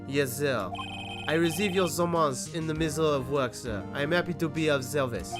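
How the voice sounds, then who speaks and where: A man's voice: on the high side, normal speed, over music, close to an everyday voice. A man voicing a polite male hotel bellboy in a mock French accent, courteous and servile.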